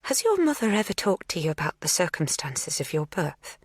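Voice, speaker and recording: A woman's voice: deep voice, big pitch swings, brisk, no echo, clean studio sound, full character voice. A woman whispering as an intense tender older woman. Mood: hushed intense. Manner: breathy whisper.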